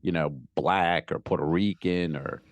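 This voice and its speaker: A man's voice: low-pitched, fairly even intonation, measured pace, no room sound. A man co-hosting a comedy podcast, chatting casually and cracking loose jokes. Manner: loose, joking, riffs with asides. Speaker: podcast co-host.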